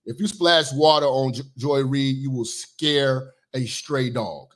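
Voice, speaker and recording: A man's voice: mid-range voice, a little slow, heavy background noise. A man hosting a casual reaction commentary, ranting bluntly and profanely about what he watches. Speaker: commentary host.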